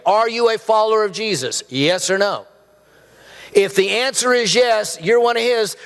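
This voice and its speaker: High-voiced male pastor preaching. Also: fairly bright tone. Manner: conversational preaching with rhetorical questions and humor. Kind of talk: sermon. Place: church sanctuary. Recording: church hall with long reverb.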